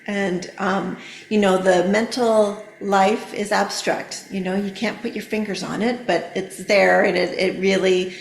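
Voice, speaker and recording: A middle-aged woman, a therapeutic coach on a podcast, explaining gently with many fillers. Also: medium pitch, steady tone, a little slow, creaky, echoey room. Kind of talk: casual podcast conversation.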